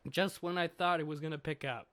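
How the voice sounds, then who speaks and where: A man's voice: a little high, fairly even intonation, fairly quick, fairly bright tone, clear, resonant tone, dry recording. A man giving a chatty, rambling comic review, swearing casually as he thinks aloud.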